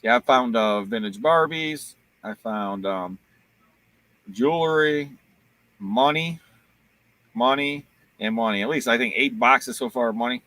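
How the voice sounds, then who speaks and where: A man's voice: medium pitch, a little slow, long pauses, sharp tone, no room sound. A man from Ohio hosting a casual livestream, joking around and reading viewer comments aloud. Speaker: livestream host and auctioneer.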